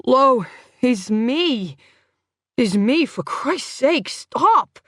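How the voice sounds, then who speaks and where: Woman reader doing a tired, slurring Brooklyn man, pained and unhurried. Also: high voice, sing-song, a bit bright, no room sound, clean studio sound, pitched above the performer's own voice, exaggerated voice. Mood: pleading. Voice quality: slurred, muffled speech. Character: injured weary man with a split lip. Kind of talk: audiobook character voice.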